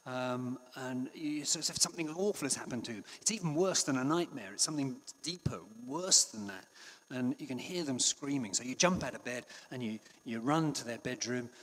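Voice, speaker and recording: A man preaching a sermon in a conversational way, with frequent restarts and passages that drop to a hush. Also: medium pitch, fairly quick. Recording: long hall reverb.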